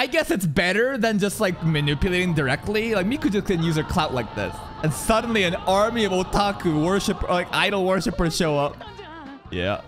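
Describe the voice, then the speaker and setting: A man hosting an anime reaction channel, talking casually and excitably, with loud outbursts, laughter and casual swearing. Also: fairly high pitch. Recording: music playing in the background. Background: music under the voice.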